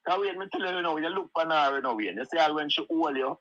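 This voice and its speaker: A man's voice: on the high side, expressive, quick pace, fairly bright tone, no echo, lo-fi sound. A middle-aged Jamaican man telling stories in casual chat, laughing often and saying "you know" at every turn.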